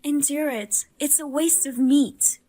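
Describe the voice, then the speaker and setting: A woman voicing a high-voiced, fierce pregnant young wife. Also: fairly even intonation, takes it slowly, dark tone. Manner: wry, indignant, grimly humorous. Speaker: pregnant daughter-in-law. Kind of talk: dramatized story voice-over.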